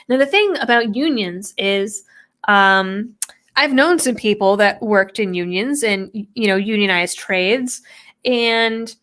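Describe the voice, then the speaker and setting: A woman's voice: fairly high pitch, fairly bright tone. A young woman reading out a news article and picking it apart with sarcastic, skeptical commentary. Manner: sarcastic, quotes text then mocks it. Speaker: political commentator.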